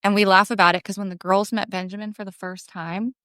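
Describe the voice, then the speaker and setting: Woman podcast host telling a funny family story, mid pitch, chatty and animated, dry close sound. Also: brisk, dry recording. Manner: animated storyteller, lots of "like" fillers. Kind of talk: casual chat, storytelling.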